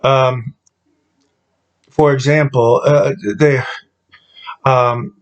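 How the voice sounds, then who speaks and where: Slow deadpan guy rambling through a comedy bit, lots of ums and restarts. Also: medium pitch, poor audio. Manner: halting, full of ums and restarts.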